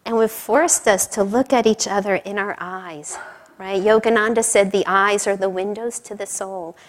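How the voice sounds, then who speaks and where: A woman's voice: mid-range voice, steady tone, moderate pace. A middle-aged woman telling a personal story in an informal sermon, chatty, with frequent laughs and asides. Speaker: speaker at a spiritual service.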